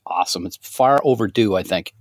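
A man's voice: low-pitched, brisk, no echo, clean studio sound. A man co-hosting a podcast, self-deprecating and jokey in casual banter. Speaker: podcast co-host.

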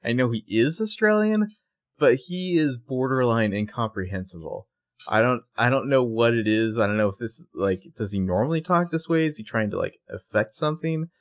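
A man's voice: medium pitch, expressive, moderate pace. A man co-hosting a podcast, recapping a show in casual chat, swearing freely and laughing often. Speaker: podcast co-host.

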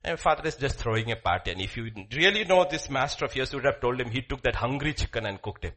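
A man preaching a sermon in a church, swinging between soft asides and loud, animated emphasis. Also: mid-range voice, fast. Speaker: pastor.

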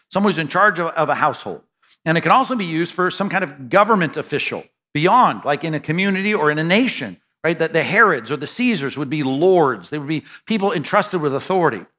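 Guy pastor teaching a sermon, kinda high bright voice, chatty, lots of restarts. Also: expressive, brisk. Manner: conversational, many restarts and asides. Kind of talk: expository sermon.

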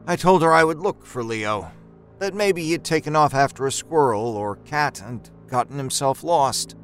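A male storyteller reading a first-person horror story in a tense, often hushed voice that breaks into sudden shouts. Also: medium pitch. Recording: narration with a faint music score.

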